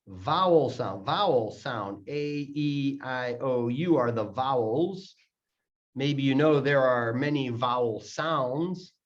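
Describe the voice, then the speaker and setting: A man's voice: medium pitch, lively intonation. A man teaching English pronunciation, explaining step by step and repeating words to show how they link. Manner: repeats words slowly to demonstrate sounds. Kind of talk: explaining lesson, slow and deliberate. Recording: dull lo-fi audio.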